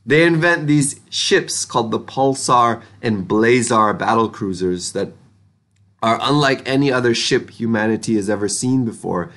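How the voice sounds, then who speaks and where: A man's voice: medium pitch, moderate pace, a bit bright. A young adult man giving a casual, enthusiastic book review, talking in a loose, slangy way.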